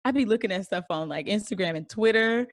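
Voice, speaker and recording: A woman's voice: mid-range voice, fast. A woman co-hosting a casual podcast, chatting with slang and frequent laughter. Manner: laughing, animated storytelling with slang. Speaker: podcast co-host. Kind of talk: casual chat.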